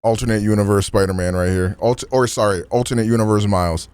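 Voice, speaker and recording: A man's voice: on the low side, steady tone, fast talker, darkish tone, clean tone, no room sound. A man streaming in a loose, slangy casual chat, full of restarts and fillers.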